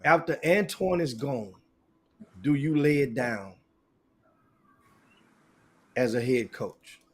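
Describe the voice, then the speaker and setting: A middle-aged man hosting a casual sports talk show, animated and folksy, often repeating himself mid-sentence. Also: medium pitch, slow pace, breathy edge.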